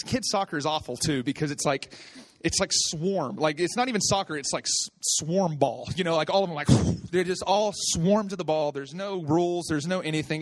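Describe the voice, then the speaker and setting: A middle-aged man preaching a sermon as a pastor, telling stories in a conversational way and building to animated, excited peaks. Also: a little high. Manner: conversational storytelling with repetitions.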